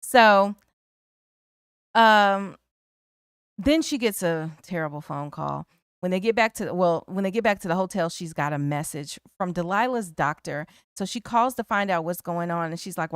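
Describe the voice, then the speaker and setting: Woman, podcast co-host, animated retelling, smooth clear voice, dry close sound. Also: lowish voice, normal speed, no echo. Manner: animated storytelling, acts out characters' lines. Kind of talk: casual film discussion.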